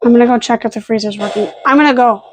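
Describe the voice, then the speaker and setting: A woman's voice: on the high side, racing. A young woman vlogging at home late at night, rambling casually, swearing now and then and cooing at her dogs. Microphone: camera on a fixed stand.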